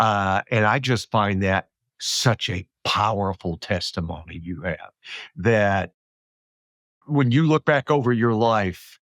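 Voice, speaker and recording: A low-voiced man hosts a podcast, thinking aloud and circling back with frequent restarts. His voice is close and dry, with no room echo. He sounds reflective and conversational. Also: animated, slow pace, a bit bright. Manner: thoughtful, rambling, many restarts. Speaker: podcast host. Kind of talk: reflective interview chat.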